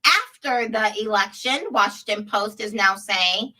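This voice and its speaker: A woman's voice: mid-range voice, lively intonation, measured pace, pushed and bright, recorded from a distance, rough recording. A woman hosting a political commentary show, sarcastic and laughing often as she reads headlines aloud. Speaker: show host.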